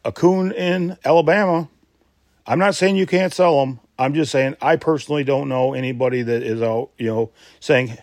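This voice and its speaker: A man talking loosely on his own podcast, doubling back and restarting his sentences as he goes. His voice sits at an ordinary middle pitch and is recorded very dry, close to the microphone. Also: moderate pace, a little mellow, no echo. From Michigan. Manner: rambling, with many restarts and filler asides. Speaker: podcast host. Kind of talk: casual solo podcast talk.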